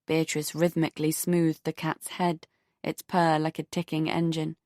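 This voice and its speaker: A woman narrating an audiobook in an expressive, measured storytelling manner on a close studio microphone. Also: sits low, no room sound.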